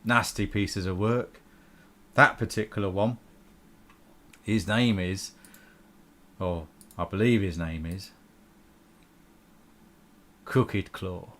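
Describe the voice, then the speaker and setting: A man narrating as game master of a tabletop game, relaxed and unhurried with small fillers. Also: low-pitched.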